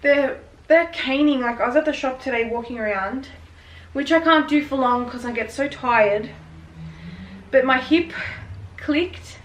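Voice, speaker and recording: Her voice sits high and moves at a moderate pace as this pregnant vlogger, late twenties, wraps gifts at home and chats casually. She's candid and a bit out of breath, swearing and laughing often. The audio is poor, with slight background noise.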